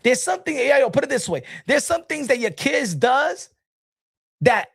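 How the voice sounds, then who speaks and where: A middle-aged man hosting a casual boxing talk show, animated and repetitive, talking straight to his viewers in the chat. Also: very high-pitched, normal speed, gravelly, slightly rough, dry recording, studio quality. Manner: animated, repeats himself, addresses folks in the chat.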